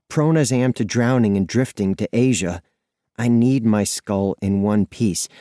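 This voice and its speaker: Male audiobook narrator, low voice, mellow tone, dry close sound, expressive first-person telling. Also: dry recording. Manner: lively, expressive, breathless storytelling.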